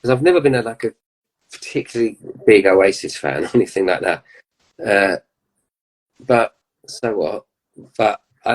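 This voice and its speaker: A man's voice: on the low side, normal speed, long pauses, poor audio. A man in his fifties, a musician guest telling rambling anecdotes in casual chat, with laughs.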